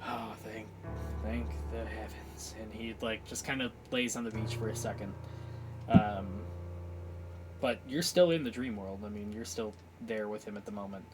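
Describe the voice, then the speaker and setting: A man narrating a tabletop game as game master, halting, with many fillers. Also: lowish voice, rough recording. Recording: clear music bed behind voice.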